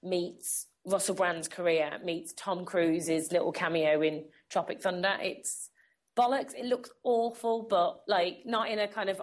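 A woman's voice: lowish voice, measured pace. Woman, film chat co-host, sarcastic, sweary. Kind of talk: casual chat.

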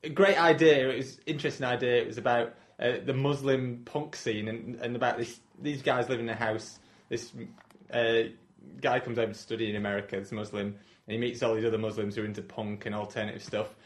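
Halting sweary man. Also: medium pitch, level tone. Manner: halting, fumbling for words, sweary. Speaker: podcast co-host. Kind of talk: casual film review chat.

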